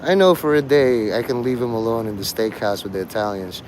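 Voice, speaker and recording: A man's voice: mid-range voice, lively intonation, fairly quick, a little mellow, slight background noise. A man rambling to his livestream chat, swearing, joking and laughing often.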